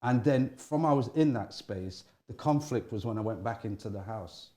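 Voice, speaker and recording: Speaking at a normal speed, the middle-aged man in this interview candidly describes his youth. Expect animated pitch swings and frequent restarts throughout.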